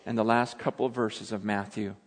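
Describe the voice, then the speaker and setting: A man preaching a sermon, animated and dramatic, acting out scripture scenes as he retells them. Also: on the low side, brisk, big-room sound. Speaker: pastor.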